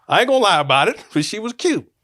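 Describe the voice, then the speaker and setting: Man, forties, slightly high voice, casual storytelling, rambling, frank and joking, lots of restarts. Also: sing-song, fast, bright, forceful tone.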